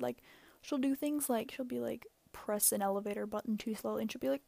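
Rambling, gravelly young woman podcaster. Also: a little high, fairly even intonation, brisk, a little mellow, dry recording. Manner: rambling, self-mocking, laughs often, many "like"s. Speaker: podcast host. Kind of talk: casual solo podcast advice.

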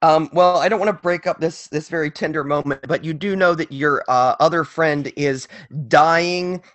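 A man's voice: on the high side, normal speed, fairly bright tone, no room sound. A man narrating as game master in a tabletop role-playing game, describing the action vividly.

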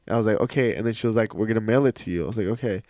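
Here the co-host's voice sits fairly low, and he talks rapid-fire, laughing often while telling animated stories in relaxed podcast conversation. The studio sound is clean, without echo.

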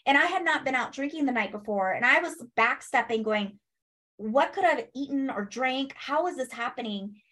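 A woman telling a personal story in a casual interview, animated, acting out what people said and laughing as she goes. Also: high voice, normal speed. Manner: animated, acts out quoted speech, laughs, swears. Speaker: guest.

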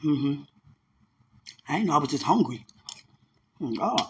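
A man's voice: a little high, very animated, measured pace, a bit bright. A man talking casually to his viewers while he cooks at home, earnest and religious, rambling and laughing often. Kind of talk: casual livestream chat while cooking. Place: home kitchen. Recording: roomy echoey kitchen, faint dish clatter.

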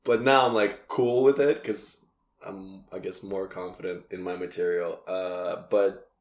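A man with a fairly low voice chats casually as a comedian, laughing often as he tells his stories. The sound is roomy and echoing. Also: steady tone, a little slow. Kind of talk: casual chat.

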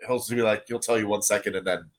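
A man's voice: on the low side, fairly even intonation, fast talker. A man running a tabletop game as game master, describing scenes casually. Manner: casual, laughs often, describes actions.

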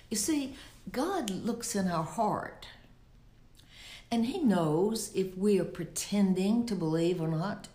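Slow-talking woman teaching scripture. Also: mid-range voice, animated, mellow, echoey room. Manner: conversational, rhetorical questions. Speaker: Bible teacher. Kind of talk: sermon.

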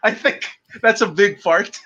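Filipino man, high bright voice, relaxed banter. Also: a little slow, dull audio. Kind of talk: casual chat.

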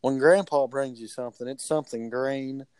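Mellow-voiced young man. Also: medium pitch, fairly even intonation, normal speed, smooth, no room sound. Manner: rambling, easygoing storyteller. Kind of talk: casual chat.

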